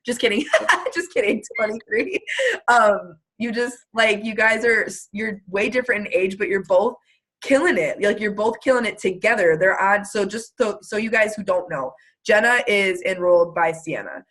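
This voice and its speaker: Woman host, mid-pitch, effusive and chatty, video-call chat. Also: moderate pace, fairly bright tone. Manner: effusive, gushing, lots of "like" and laughter.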